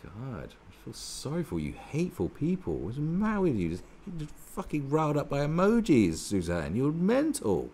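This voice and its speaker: A man's voice: mid-range voice, wildly swooping pitch, moderate pace, hardly any pauses, mellow, slight background noise. A man giving heated, sarcastic commentary on a newspaper column, swearing often as he rants. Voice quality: profane, sarcastic, heated ranting. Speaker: online commentator.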